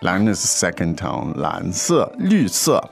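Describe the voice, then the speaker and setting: A man leads a relaxed language lesson, steering it along with questions and frequent fillers. His pitch swings up and down a lot. Faint music plays beneath him. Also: unhurried, creaky. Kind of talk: casual teaching chat.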